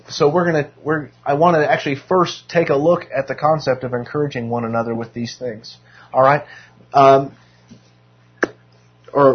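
Hoarse man teaching a casual Bible class. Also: medium pitch. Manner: self-deprecating, joking asides, many restarts. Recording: dull lo-fi room recording.

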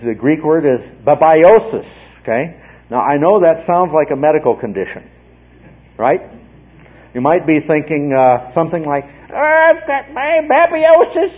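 A man giving a Bible study lecture, explaining patiently and checking in often with his listeners. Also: on the high side. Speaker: Bible teacher. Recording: phone-like narrow band.

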